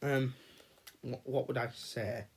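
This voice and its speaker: A man's voice: mid-range voice, fairly even intonation, slow pace, slightly rough. Ranting man on a casual livestream. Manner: ranting, swears freely, chats with viewers in chat. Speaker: livestream host.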